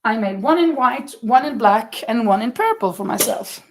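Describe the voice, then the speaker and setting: A woman's voice: moderate pace, a little hiss or hum. Chatty woman showing her crafts. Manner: chatty, restarts words, lively rises in pitch. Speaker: crafts vlogger. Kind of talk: casual chat showing crafts.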